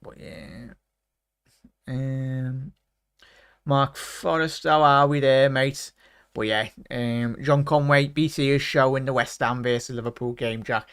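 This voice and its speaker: A man's voice: mid-range voice, fairly even intonation, slow pace, fairly bright tone, smooth, no echo. A man chatting on his footy watchalong stream, dry close mic, mid voice, lots of "mate". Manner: chatty, greets viewers with "big up" and "mate". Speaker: watchalong livestream host. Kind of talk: casual live chat reading comments.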